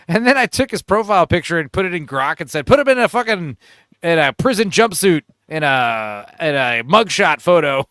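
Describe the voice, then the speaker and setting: A man chats on a livestream in a crude, joking, rambling way. His voice sits a little high and swings widely in pitch. The sound is dry and close. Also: pushed and bright, clean tone, no room sound. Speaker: livestream host. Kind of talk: casual livestream chat.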